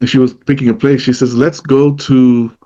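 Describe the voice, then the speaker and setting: A man's voice: mid-range voice, little pitch movement, normal speed, dark tone, lo-fi sound. A man co-hosting a casual talk podcast, telling long personal stories and acting out what his friends said. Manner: storytelling, retells what others said in their voice. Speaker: podcast co-host. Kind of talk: casual conversation.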